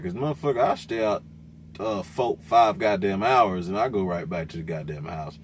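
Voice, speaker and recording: A man, a truck driver ranting loudly and cursing in casual talk from inside his truck cab. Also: deep voice, normal speed, slight background noise. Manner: loud, cursing, repetitive, laughing. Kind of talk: profane casual rant.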